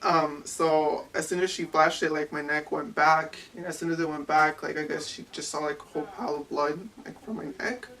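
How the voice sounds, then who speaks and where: A young adult woman giving personal testimony as an interviewee, halting and full of "like" fillers. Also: deep voice, steady tone, a bit bright. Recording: distant mic with faint ambience.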